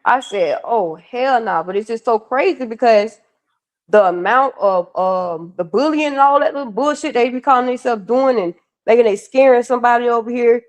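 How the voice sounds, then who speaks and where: A woman's voice: on the high side, moderate pace. A woman co-hosting a live stream, ranting bluntly and with lots of profanity while talking to her viewers. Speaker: livestream co-host. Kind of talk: heated casual live commentary.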